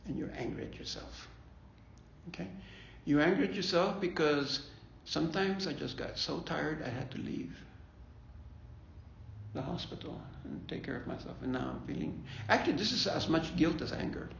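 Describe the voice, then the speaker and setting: This man's voice sits a little high and fairly bright, with vocal fry, moving at a moderate pace. He's a grief ministry leader giving a faith-based talk on bereavement, chatting casually, repeating points and asking "okay?" to check in. Slight background noise runs under a dull, lo-fi recording made in an echoey room.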